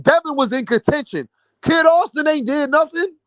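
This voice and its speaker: A man's voice: very high voice, lively intonation, moderate pace, a bit bright, no echo. A man ranting about boxing to his viewers, mocking and incredulous. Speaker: boxing commentary vlogger. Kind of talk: animated boxing rant.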